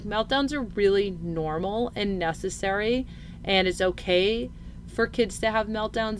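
Thirtysomething woman chatting about parenting, earnest, lots of likes and ums, faint hiss behind. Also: mid-range voice. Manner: chatty, earnest, thinks aloud with many fillers. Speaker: podcast co-host. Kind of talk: casual chat about parenting.

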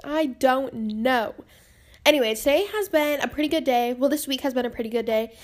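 Young woman, high voice, out of breath, chatty, rambling podcast host. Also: fast talker. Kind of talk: casual podcast chat. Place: home, indoors.

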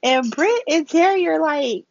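A woman giving a casual, profane recap of soap opera episodes, sassy and animated, laughing often and acting out the characters' lines. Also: high-pitched, measured pace, dull audio.

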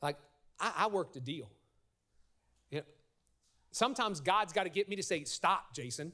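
A middle-aged pastor delivers a sermon in a church. His voice sits high for a man, and he tells stories with energy, pulling the congregation into call-and-response. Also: normal speed. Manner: lively storytelling with audience call-and-response. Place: church sanctuary.

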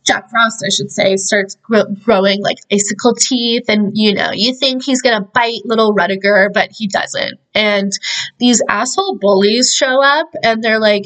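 A woman's voice: mid-range voice, a little slow, a bit bright, rough recording. A young woman hosting a podcast, casually recapping a movie in a chatty, profane way, with lots of "like". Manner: chatty, profane, heavy use of "like". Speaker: podcast host.

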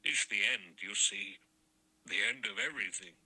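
A man reading an audiobook voices an elderly general, sharp and testy, then dropping to a low, strange near-whisper. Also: moderate pace, slightly rough, heavily acted. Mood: grim.

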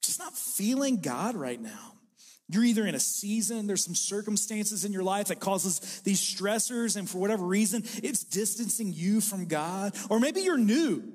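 A man's voice: sits high, moderate pace, few pauses, big-room sound. A pastor in his forties preaching a sermon to a live congregation in a conversational, joking way. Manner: conversational and joking, with animated impressions. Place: church hall with a live congregation.

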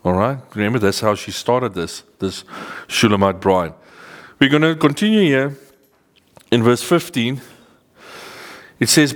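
A man's voice: medium pitch, lively intonation. Earnest man preaching a Bible teaching. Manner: earnest, emphatic, slows down to stress key words. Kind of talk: sermon teaching to a live group. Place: meeting room with a seated audience.

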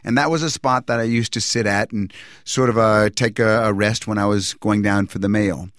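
A man telling a personal religious testimony in an earnest, reflective way, pausing and restarting as he recalls events. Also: fairly low pitch, fairly even intonation, fairly bright tone, dry recording, clean studio sound.

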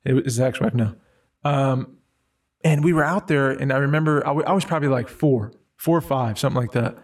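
A man's voice: medium pitch, brisk. A man talks casually and rambles through his stories, circling back with fillers and restarts. His voice sits in a middle register. He sounds slightly distant from the microphone. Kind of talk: casual conversation.

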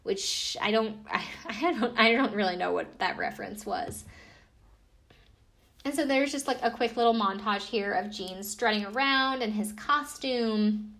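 A woman's voice: a little high, lively intonation, measured pace, a bit bright. Chatty woman recapping a reality show. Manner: chatty, profane, lots of fillers. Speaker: podcast recapper. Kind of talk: casual episode recap.

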